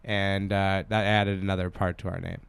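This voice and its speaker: A man co-hosting a comedy podcast, rambling and excitable, swearing casually as he reads listener suggestions. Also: deep voice, normal speed, creaky, clean tone, no echo. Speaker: podcast co-host.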